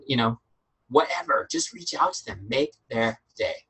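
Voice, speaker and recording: A man's voice: mid-range voice, lively intonation, normal speed, fairly bright tone, husky, rough recording. A middle-aged man leading a business training webinar, emphatic and fired up, repeating his key points. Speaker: business coach.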